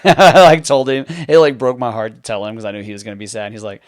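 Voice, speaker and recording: A man in his thirties from near Houston hosting a podcast interview, chatty and quick to laugh as he tells stories. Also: mid-range voice, expressive, dry recording, studio quality. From near Houston, Texas. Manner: chatty, storytelling, laughs easily. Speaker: podcast host. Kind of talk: casual conversational interview.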